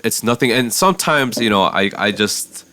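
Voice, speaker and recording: A man co-hosting a podcast, a songwriter and producer, telling stories in relaxed casual chat with many fillers and restarts. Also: lowish voice, normal speed.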